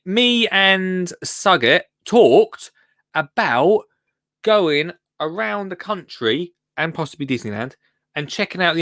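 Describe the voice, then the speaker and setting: A man's voice: a little high, a bit bright, no room sound, clean studio sound. A man hosting a live gardening show, chatting casually in a rambling, jokey way and often breaking off mid-sentence. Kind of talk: casual live-stream chat.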